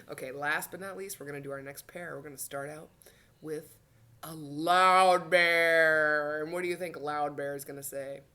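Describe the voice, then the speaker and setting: Leading a children's sing-along and storytime, a woman chats playfully with toddlers, sings lively verses and sometimes whispers. She has a low, steady, slightly bright voice and a quick pace, over soft background music.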